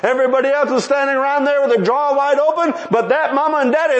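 Brisk and with hardly any pauses, a preacher tells scripture stories with animated flair, quoting the characters and swinging dramatically in pitch and pace. The recording is low quality, with slight background noise.

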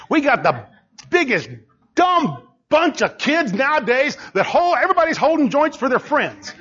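A man preaching a sermon, driving his points home with repetition and bursts of shouting. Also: extremely high pitch, very animated, moderate pace. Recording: dull lo-fi recording.

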